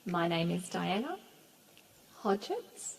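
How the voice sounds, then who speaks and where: A woman interpreting for the panelists, speaking in an expressive, lively way on a festival stage. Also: fairly low pitch, slow pace, vocal fry. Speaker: sign language interpreter voicing panelists. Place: main stage at a museum, before an audience. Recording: long hall reverb with faint room noise.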